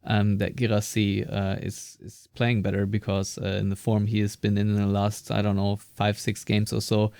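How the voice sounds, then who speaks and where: A man's voice: on the low side, monotone, normal speed, gravelly, hardly any pauses, a little mellow, clean tone, no room sound, studio quality. A man co-hosting a podcast in casual discussion, talking hesitantly with many fillers and restarts. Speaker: podcast co-host.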